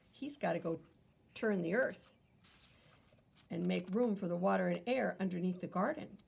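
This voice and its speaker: A woman's voice: on the low side, moderate pace, creaky, pauses often, darkish tone, slightly rough. A woman teacher reading a picture book aloud to children, wondering aloud and explaining as she goes.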